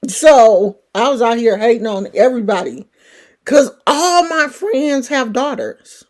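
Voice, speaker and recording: A woman's voice: fairly high pitch, very animated, measured pace. A middle-aged woman with a California country twang, chatting casually and rambling as a livestream host. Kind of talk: casual chat.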